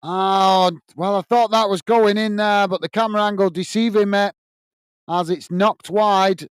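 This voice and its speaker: A man's voice: high voice, steady tone, normal speed, clear, resonant tone, dry recording. A man hosting a live football watch-along, calling the play and cheerfully reading out viewers' messages. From United Kingdom. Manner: upbeat, reads out viewer messages and calls the play.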